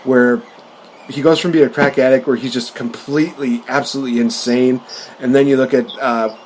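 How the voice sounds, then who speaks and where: A man with an average-pitched voice talks in a loose, rambling way, full of fillers and quick bursts of laughter. There is a faint hiss under the recording. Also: steady tone. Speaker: podcast host. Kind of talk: casual chat about movies.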